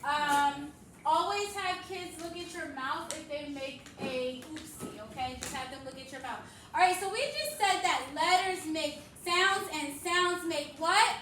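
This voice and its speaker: A woman's voice: sits high, lively intonation, a little slow. A woman reading teacher modeling a phonics lesson for other teachers, with upbeat, sing-song call-and-response cues. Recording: echoey room, distant mic, noise.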